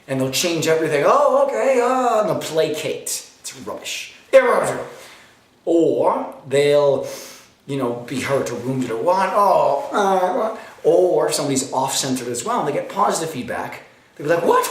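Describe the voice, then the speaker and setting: A man giving a rambling, energetic self-help talk to camera as a vlogger, slightly out of breath. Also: mid-range voice. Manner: energetic, talkative, self-motivating. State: slightly out of breath after a bike ride. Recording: echoey roomy recording.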